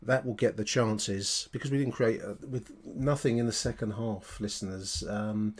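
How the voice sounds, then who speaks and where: A man's voice: on the low side, steady tone, normal speed, a little hiss or hum. A man hosting a podcast, chatting in an upbeat way in reply to voicemails. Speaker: podcast host. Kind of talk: podcast chat.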